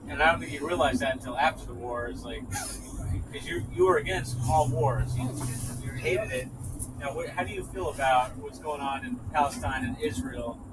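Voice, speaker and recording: A man in the audience asking long, rambling questions, heard from a distance over loud noise. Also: on the high side, normal speed. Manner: rambling, restarts often.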